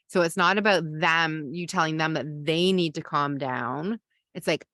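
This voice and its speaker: Low-voiced woman coaching parents. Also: moderate pace, a bit bright, no echo. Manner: conversational, reads viewer questions and answers off the cuff. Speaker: parenting coach and podcast host. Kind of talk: live masterclass Q&A.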